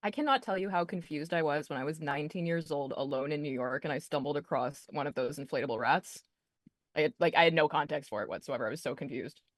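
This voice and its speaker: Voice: medium pitch, quick pace. A player at a tabletop game telling a rambling story in casual chat.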